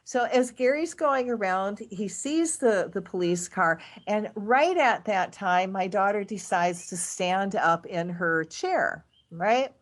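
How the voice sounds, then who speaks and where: Animated middle-aged woman telling a story. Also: mid-range voice, takes it slowly, few pauses. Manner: animated, dramatic swings in voice when retelling events. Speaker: guest. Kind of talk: casual storytelling.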